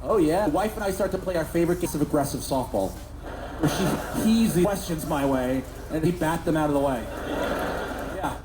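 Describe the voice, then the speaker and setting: A man doing stand-up storytelling, animated and jumping up into high voices for the characters. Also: brisk. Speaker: stand-up comedian. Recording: echoey venue with background noise.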